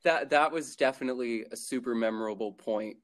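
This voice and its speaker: A young college-age man speaks in a casual, easygoing way, laughing often and stumbling over restarts as he searches for words. His voice sits at an ordinary, middle pitch. He sounds like a relaxed guest chatting on a podcast. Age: young adult. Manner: laughs often, halting and restarting while thinking. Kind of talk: casual chat.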